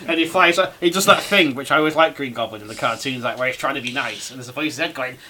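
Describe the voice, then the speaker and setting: A man's voice: medium pitch, racing, bright, forceful tone, a little hiss or hum. A man co-hosting a casual podcast, swearing a lot and slipping into silly voices as he chats. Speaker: podcast co-host. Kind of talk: casual chat.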